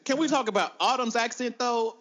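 A man's voice: very high-pitched, a little fast, over loud music. A man as podcast co-host, chatting enthusiastically and playfully. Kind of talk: casual enthusiastic chat.

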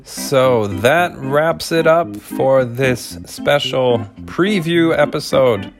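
A man with a cold, hosting a podcast from a home studio and reading a storybook chapter aloud in a relaxed way. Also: medium pitch, very slow, over music. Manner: relaxed, with fillers and soft laughs. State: has a cold. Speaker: podcast host and narrator. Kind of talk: casual appeal and storybook narration.

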